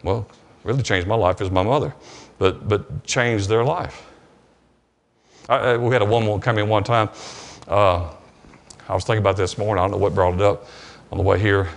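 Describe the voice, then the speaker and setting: Here a pastor's fairly low, steady, gravelly voice fills a church sanctuary as he preaches with a Southern US accent. His storytelling halts and restarts, with words repeated and dialogue retold.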